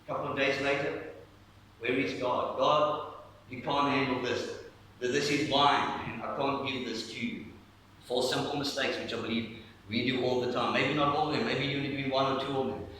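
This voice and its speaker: A male pastor preaching a lively sermon to his congregation, guiding them through breathing along the way. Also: medium pitch, normal speed, slight background noise. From South Africa. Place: church hall. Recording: echoey church hall, mic at a distance.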